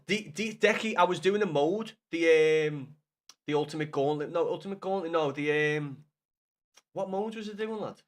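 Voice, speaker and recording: At a normal speed and fairly high pitch, a thirty-something man with a Liverpool Scouse accent chats loosely to the people watching his stream. Hungover, he rambles, swears heavily, and keeps restarting what he's saying.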